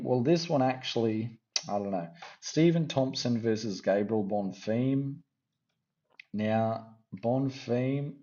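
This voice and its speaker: Slow, low man with a mock Australian twang. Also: mellow, lo-fi sound. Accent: put-on Australian accent. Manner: rambling, thinking aloud, self-correcting. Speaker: MMA fight picks commentator. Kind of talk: casual fight-pick chat.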